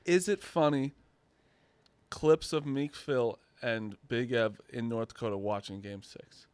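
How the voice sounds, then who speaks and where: Smooth-voiced, jokey man on a dry mic. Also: mid-range voice, measured pace, darkish tone, no echo. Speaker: podcast co-host. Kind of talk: casual sports betting chat.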